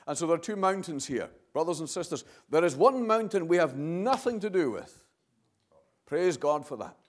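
A man preaching in a sermon, his voice sitting a little higher than most men's. He reads scripture in a solemn, formal way, then pushes each point toward emphatic, ringing statements. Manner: emphatic, builds to ringing declarations.

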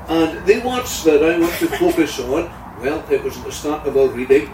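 A man's voice: a little high, expressive, normal speed, few pauses, a little hiss or hum. Male preacher, earnest sermon, distant roomy sound. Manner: earnest, swells loudly on key words. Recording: echoey room heard from a distance.

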